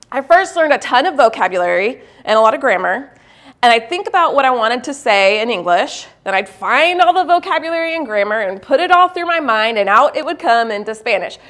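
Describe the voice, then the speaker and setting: A woman giving a motivational keynote at a university event. She tells a story against herself with lively, self-mocking humor and laughs often, then slows into a low, earnest tone for the lesson. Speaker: keynote speaker.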